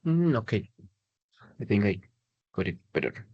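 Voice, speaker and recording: A man's voice: on the low side, sing-song, a little slow, no room sound. A man taking an English lesson on a video call, talking in a hesitant, tentative way. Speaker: English student. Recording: dry, muffled lo-fi audio.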